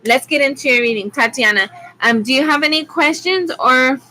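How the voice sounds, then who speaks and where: A woman's voice: high-pitched, a little fast, bright, forceful tone, a little hiss or hum, poor audio. A woman from Arizona giving a rambling, chatty live-stream tarot reading, with frequent ums. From Arizona, USA. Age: adult with school-age kids. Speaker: tarot reader.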